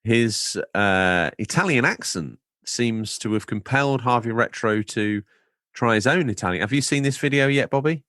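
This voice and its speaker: A man's voice: mid-range voice, moderate pace, fairly bright tone, no room sound, studio quality. A man co-hosting a podcast in casual chat, playful and rambling, drifting into absurd jokes. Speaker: podcast co-host.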